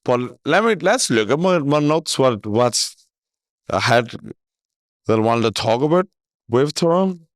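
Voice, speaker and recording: A male podcast host in loose, casual chat, spinning a story with plenty of swearing and frequent laughter. His voice sits at an ordinary middle pitch and sounds close and dry, with no room around it. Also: a little slow, pauses often, no echo. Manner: animated storyteller who swears freely and laughs often.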